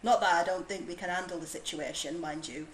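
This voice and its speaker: Woman putting on a stern military officer, put-on Yorkshire accent, formal measured briefing, game dialogue. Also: lowish voice, fairly even intonation, echoey room, slight background noise, lightly acted, rough recording. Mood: earnest.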